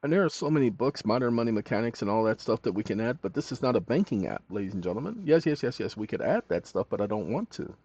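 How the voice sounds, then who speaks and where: A man's voice: medium pitch, sing-song, quick pace, few pauses, a little mellow, breathy edge. Man dictating prompts, punctuation and all. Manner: dictates punctuation aloud between loose asides. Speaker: channel host. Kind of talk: screen-recorded tutorial, dictating prompts aloud. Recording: dull lo-fi recording.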